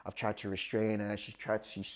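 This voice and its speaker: Young man, lowish voice, guest recounting his story with lively, acted-out dialogue. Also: normal speed. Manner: animated, acts out quoted dialogue, nervous laughs. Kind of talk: personal storytelling.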